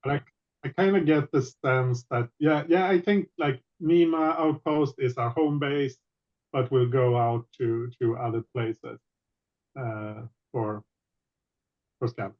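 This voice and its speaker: A man speaking as a player in a tabletop game, halting and correcting himself mid-sentence. His mic sounds dull and lo-fi, muffling the top of his voice. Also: medium pitch, fairly even intonation.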